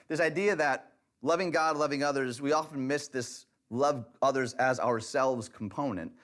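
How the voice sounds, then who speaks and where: A man of middle pitch teaches a church relationship session on camera. His delivery is direct and conversational, with a wry, light humor woven in. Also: moderate pace, a bit bright. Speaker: pastor teaching a relationship class.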